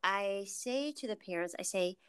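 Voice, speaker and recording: A woman's voice: medium pitch, normal speed, clean tone. A woman in casual conversation who thinks aloud, trailing off and restarting as she talks. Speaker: physical therapist.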